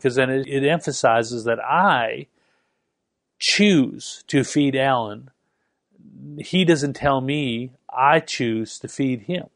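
A middle-aged man delivers a sermon in an earnest, emphatic way, dragging out key phrases for weight. His voice sits at an ordinary pitch and is recorded close and dry, with no room sound around it. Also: dry recording. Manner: earnest, with slow emphatic stresses. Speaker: preacher.

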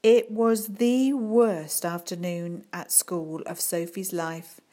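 A woman reading a children's book aloud in a calm, unhurried storytelling manner. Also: on the low side. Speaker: audiobook reader.

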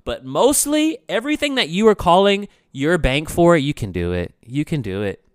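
A man hosts a casual solo podcast with a fairly high, very animated voice at normal speed, smooth and resonant, recorded dry and close with no echo or room sound. His talk is loose and rambling, full of "you know what I'm saying," and it swings from loud bursts to quiet asides.

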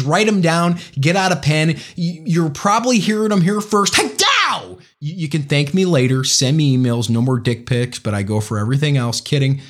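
A man hosting a ranting political commentary in a sarcastic, emphatic, jokey way. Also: fairly high pitch. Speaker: commentary host.

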